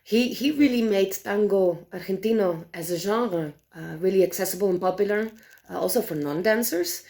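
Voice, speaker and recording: A woman reviewing tarot decks in casual chat, animated and exasperated, swearing freely and talking with many fillers and restarts. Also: mid-range voice, normal speed.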